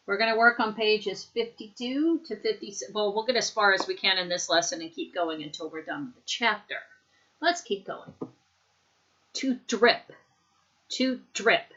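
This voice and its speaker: A woman teaching an English lesson, modeling words slowly and clearly for students to repeat. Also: mid-range voice, a bit bright. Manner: slow, clear drilling with modeled pronunciation. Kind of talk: recorded online language lesson. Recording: dull lo-fi recording.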